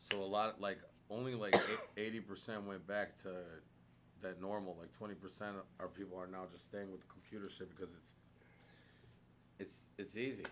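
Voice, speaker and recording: A man's voice: sits low, fairly even intonation, moderate pace, background noise. A man co-hosting a casual podcast chat, rambling with lots of fillers and restarts. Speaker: podcast co-host. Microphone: studio microphone.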